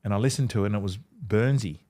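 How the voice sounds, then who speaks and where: A man's voice: on the low side, fast talker, mellow. A middle-aged Australian man, a former footballer, telling stories in a casual chat. He swears freely and acts out other people's lines. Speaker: podcast guest, former rugby league player.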